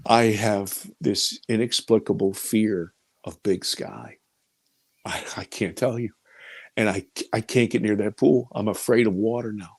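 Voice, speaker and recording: A middle-aged man with a mid-range voice recounts a personal experience as an interview guest. He is animated and emotional, repeating himself and dropping from loud bursts to near-whispers. The sound is dry and close, with no room echo. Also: medium pitch, creaky. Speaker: film producer and director as interview guest.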